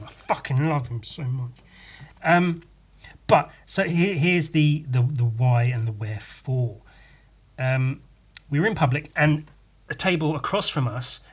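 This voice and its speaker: Husky sweary man rambling. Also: a little high. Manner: rambling, sweary, self-deprecating, with many restarts. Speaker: podcast host. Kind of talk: casual solo podcast monologue.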